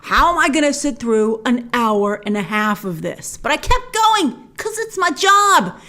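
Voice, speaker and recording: A young woman talking to camera in a casual film review, chatty and animated, acting out her own reactions in sudden bursts. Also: a little high, unhurried.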